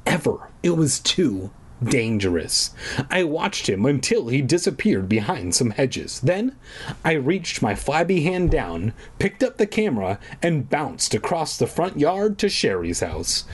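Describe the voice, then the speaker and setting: A man gives a comedic reading of a children's book and keeps breaking off for crude, sweary asides. His husky voice jumps around a lot in pitch. He reads with an irreverent, offhand manner. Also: sing-song, a little slow. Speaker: comedic reader.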